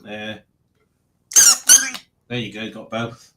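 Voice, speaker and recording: A man's voice: mid-range voice, animated, unhurried, fairly bright tone. A man hosting a casual livestream, rambling and reading out viewer comments. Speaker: livestream host.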